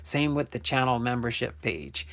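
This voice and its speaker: An older man from New Jersey, host of a sports card channel, chats loosely on a casual live stream, correcting himself and thinking aloud. His medium-pitched voice is expressive and fairly bright, moving at a normal speed.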